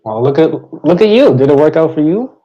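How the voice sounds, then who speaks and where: A man's voice: on the high side, big pitch swings, a little fast, highs cut off. A man joining a live stream as a guest, talking casually and hesitantly with many fillers. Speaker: guest caller. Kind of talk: casual chat.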